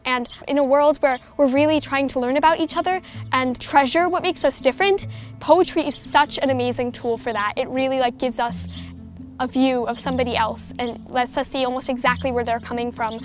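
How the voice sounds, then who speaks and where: High-voiced young woman poet over music. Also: fairly quick. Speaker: youth poet laureate. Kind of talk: spoken-word poem and reflective talk. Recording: music under the voice.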